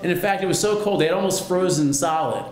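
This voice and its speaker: A man telling a personal story on stage at a live storytelling show, wry and lively. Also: high voice, quick pace, roomy sound. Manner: wry, lively, self-mocking.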